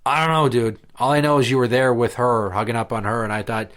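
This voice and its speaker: A man's voice: medium pitch, fairly even intonation, fast talker, fairly bright tone. A male podcast host telling crude, sarcastic concert stories in casual banter. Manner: profane, sarcastic storytelling.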